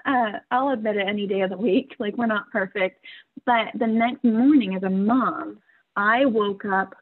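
This medium-pitched voice with a breathy edge belongs to a woman in her forties, a guest on a podcast. She recounts a family story openly and with feeling, often breaking into laughter mid-sentence. The audio comes through a tinny, phone-like connection.

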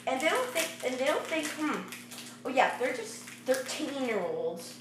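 A woman's voice: high-pitched, very animated, unhurried, background noise. A teenage girl rambling bossily in a casual monologue, often correcting herself. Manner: bossy, rambling, self-correcting. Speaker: young vlogger pitching a game club.

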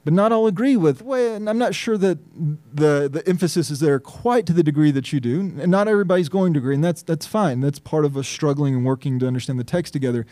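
Emphatic pastor with a dark, mellow voice. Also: male voice, a little high, quick pace, hardly any pauses, dry recording. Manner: earnest, emphatic, thinking aloud with restarts. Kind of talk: sermon.

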